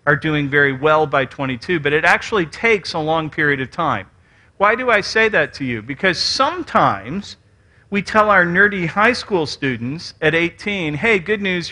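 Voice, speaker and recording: A man from West Virginia with Southern rhythm and Canadian-like vowels, giving an animated, joking conference talk with audience questions. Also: high-pitched. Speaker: conference speaker. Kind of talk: lecture and audience Q and A.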